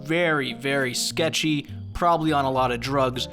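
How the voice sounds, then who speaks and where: Young man, sarcastic game commentary, profane ranting, bright forceful voice, faint background music. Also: mid-range voice, normal speed. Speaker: gaming commentary host.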